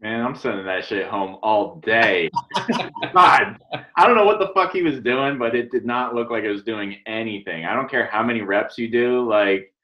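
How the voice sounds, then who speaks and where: A man's voice: on the low side, lively intonation, normal speed. A man co-hosting a podcast in casual chat, swearing freely and laughing through his sentences. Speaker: podcast co-host. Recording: dull lo-fi mic.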